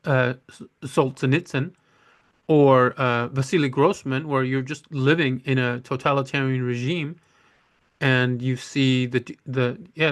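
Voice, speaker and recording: A man of middle pitch speaking off the cuff to a camera about books. He rambles, trips over himself and restarts often, and speaks bluntly with firm opinions. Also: a bit bright. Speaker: book vlogger. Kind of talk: casual unscripted on-camera monologue.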